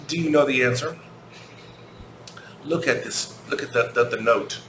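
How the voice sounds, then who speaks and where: An American man teaching an English grammar lesson to children, repeating questions slowly and spelling words out letter by letter. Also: mid-range voice. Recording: echoey room, faint background hum.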